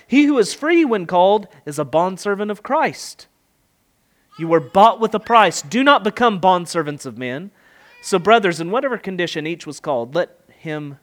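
A man's voice: high voice, animated, unhurried, fairly bright tone. A middle-aged man preaching an expository sermon, emphatic, with rhetorical questions and rising and falling delivery.

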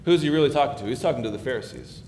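A man's voice: animated, very fast, a little mellow. A man giving a sermon as pastor, talking conversationally and building in emphasis. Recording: echoey hall with faint background rumble.

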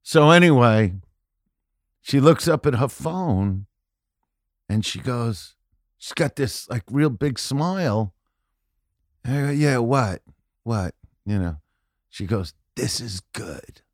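A man telling stories as a podcast guest, profane and rambling, saying "you know" constantly and often building to loud punchlines. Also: medium pitch, slow, pauses often, no room sound, studio quality. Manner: animated, often shouting punchlines. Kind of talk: casual storytelling chat.

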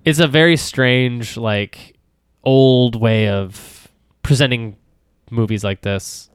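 A man's voice: mid-range voice, takes it slowly, smooth, dry recording, studio quality. A man co-hosting a podcast, talking casually about films, rambling with lots of fillers and restarts, laughing and swearing now and then. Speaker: podcast co-host. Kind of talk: casual film discussion.

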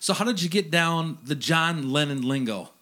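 A man's voice: on the high side, expressive, moderate pace, sharp tone. A man hosting an easygoing casual chat at a friend's home. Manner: easygoing, laughs along. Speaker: host.

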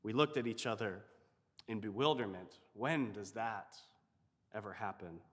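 A man, a chaplain, telling a story in a reflective, measured way. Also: on the low side, in a large hall. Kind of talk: storytelling sermon.

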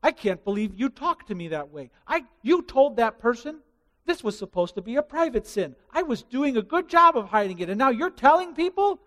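A man's voice: normal speed, a bit bright. A man acting out an indignant, defensive man who pities himself, complaining in a raised, exasperated voice. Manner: high-pitched, exasperated complaining. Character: indignant unrepentant man, defensive and self-pitying.

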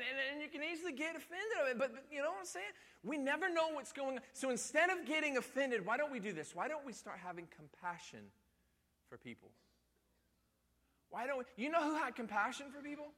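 A male pastor with a very high, bright voice preaches a sermon in a church sanctuary. He talks in a folksy, conversational way and keeps circling back to repeat his points. His voice rings out with the long reverb of a large hall. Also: big pitch swings, fairly quick.

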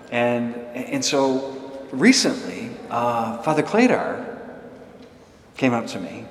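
A man's voice: medium pitch, slight background noise. A middle-aged man, a parish priest, telling a chatty, self-deprecating story in a homily and laughing often. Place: church. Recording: echoey church hall.

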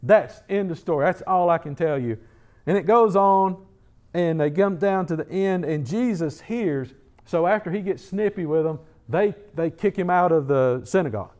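A man's voice: sits high, moderate pace, a little mellow. A middle-aged man preaching a sermon in a conversational way, often repeating words as he builds emphasis. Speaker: pastor.

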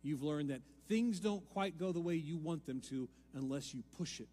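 A man pastor preaching a sermon, swinging from hushed lines to loud, emphatic appeals. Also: a little high, normal speed, long reverb tail. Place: church sanctuary.

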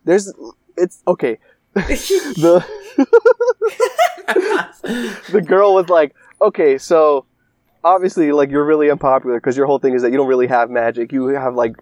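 A man's voice: a little high, fairly even intonation, normal speed, long pauses, darkish tone, no room sound. A young man in casual chat, rambling and swearing through a story recap full of filler words. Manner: rambling, profane, lots of filler "like".

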